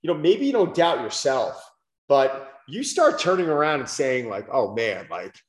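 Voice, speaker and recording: A middle-aged man telling stories in a casual podcast chat, animated and acting out quotes, with many repeated words. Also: fairly high pitch, moderate pace, roomy sound. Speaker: guest, fitness business owner.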